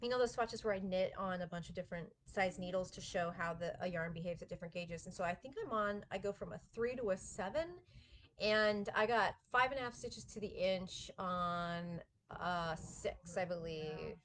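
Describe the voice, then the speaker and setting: A woman's voice: lowish voice, fairly even intonation, normal speed, slight background noise. A woman hosting a live knitting chat, talking casually and enthusiastically with viewers and laughing often. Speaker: knitting shop host.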